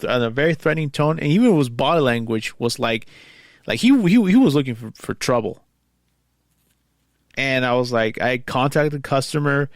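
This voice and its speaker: Brief: male host, gravelly voice, dry close sound, rambling casual commentary on posts he reads aloud. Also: mid-range voice, no echo. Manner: rambling and conversational. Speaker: podcast host.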